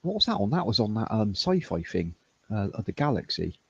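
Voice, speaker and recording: Casual male stream co-host from England, chatty storyteller, mid pitch, dull lo-fi dry sound. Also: very animated, fairly quick, vocal fry, slightly rough, no room sound. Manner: chatty, rambling storyteller, laughs often. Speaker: livestream co-host. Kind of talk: casual chat.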